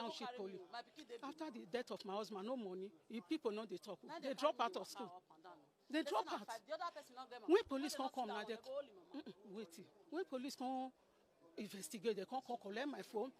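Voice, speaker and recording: Nigerian pidgin-speaking woman, middle-aged, talks quick and pleading, keeps repeating herself. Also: fairly high pitch. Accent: Nigerian Pidgin English. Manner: pleading, repeats phrases, addresses listener as sister. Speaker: interviewee, landlady caretaker. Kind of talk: emotional testimony to a reporter.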